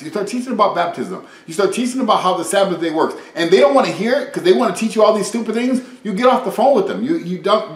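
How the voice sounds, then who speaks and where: A man preaching an informal sermon, reading scripture and retelling conversations in a lively, conversational way. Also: sits high, roomy sound, poor audio.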